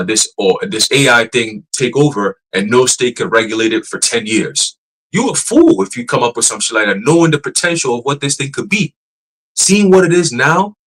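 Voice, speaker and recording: A man preaching on an indoor church livestream in a loose, conversational way. He curses freely, laughs a lot and mocks the people he talks about, and his pitch swings widely as he gets worked up. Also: poor audio. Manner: animated, profane, mocking voices, laughing. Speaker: church teacher.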